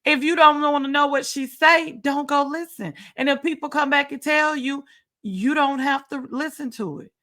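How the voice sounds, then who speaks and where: With a high, sharp-toned voice at normal speed, a woman hosts her own show and comments casually on reality TV. She's emphatic and repetitive, throwing in sarcasm, recorded at home with screen sharing.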